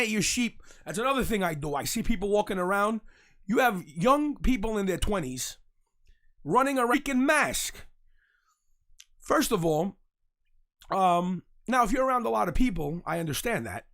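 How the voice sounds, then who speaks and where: A man, hosting a live show and telling stories in a brash, mocking, animated way. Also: high-pitched. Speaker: host. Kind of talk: casual live-stream rant.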